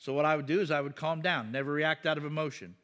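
A man preaching a conversational sermon, asking the congregation questions and breaking into loud, emphatic bursts. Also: a little high, fairly even intonation, quick pace. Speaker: pastor.

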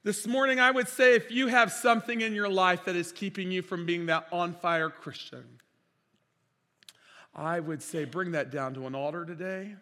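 A man preaching a sermon as pastor, impassioned, swinging between loud declarations and quiet storytelling. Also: high-pitched, steady tone, normal speed. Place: church sanctuary. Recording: reverberant church hall.

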